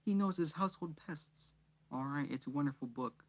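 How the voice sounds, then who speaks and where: Guy putting on a scolding storybook mum, pitched up a bit, bossy and fussy, proud of her favorite author. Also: moderate pace, darkish tone. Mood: admiring. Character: fussy, proud middle-aged mother.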